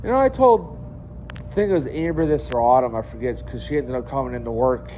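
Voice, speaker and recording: A man's voice: medium pitch, fairly quick, a little mellow. Rambling, swearing young Midwestern man. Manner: rambling, swears often, many fillers. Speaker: vlogger. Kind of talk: casual vlog chat. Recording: faint background noise.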